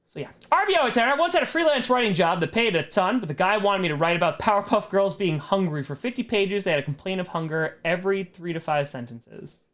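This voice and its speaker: High-voiced man rambling through a stream Q&A. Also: lively intonation, fast, few pauses, fairly bright tone. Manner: rambling, self-interrupting, laughs often. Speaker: streamer host. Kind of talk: casual livestream Q&A chat.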